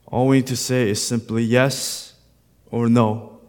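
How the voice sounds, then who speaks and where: A man's voice: mid-range voice, little pitch movement, a little slow, a little mellow, smooth. A man, a pastor, preaching a sermon in a conversational way with storytelling asides.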